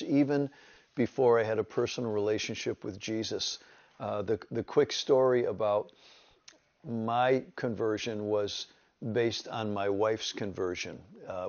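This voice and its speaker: A pastor in his 70s from upstate New York tells his personal testimony as a story, his voice on the low side. He retells events in a lively way, quoting other people's voices. The audio is dull.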